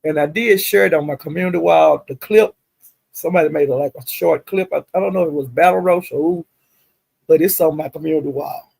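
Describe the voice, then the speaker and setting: Gravelly gossiping man chatting to his stream. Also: a little high, fairly quick, a little mellow, no echo, low-quality recording. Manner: gossipy, drawling, addresses chat directly. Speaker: commentator recapping livestream drama. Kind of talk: casual chat to a livestream audience.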